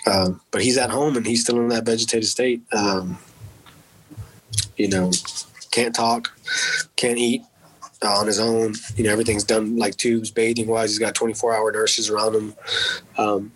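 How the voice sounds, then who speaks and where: A man's voice: fairly low pitch, little pitch movement, normal speed, pauses often, husky, rough recording. A man and military veteran telling a personal story in a candid, casual way, swearing freely and dropping in words like "man" and "dude". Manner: candid and profane, with frequent fillers like "man" and "dude".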